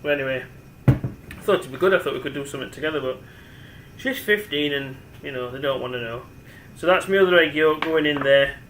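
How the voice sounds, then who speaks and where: Brief: man, forties, slightly high voice, rambling home cooking demo, echoey kitchen with a faint hum. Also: brisk, a bit bright. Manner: rambling, chatty, talks to the camera as he works. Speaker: home cook. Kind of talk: casual cooking demonstration.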